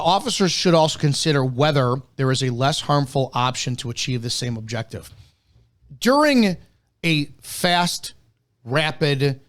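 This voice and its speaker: A man hosts a live commentary show and lectures officers in a blunt, insistent way. His voice sits at a middle pitch for a man. He hammers key words by repeating them and trips over frequent false starts. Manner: blunt, emphatic, repeats key points, swears; stumbles and restarts often. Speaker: host of a live policing analysis show.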